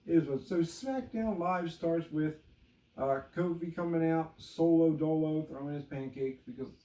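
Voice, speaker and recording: A man's voice: on the high side, normal speed, warm tone, distant mic. A man co-hosting a casual wrestling podcast, joking and rambling with plenty of fillers. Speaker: podcast co-host. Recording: echoey room, voice off-mic.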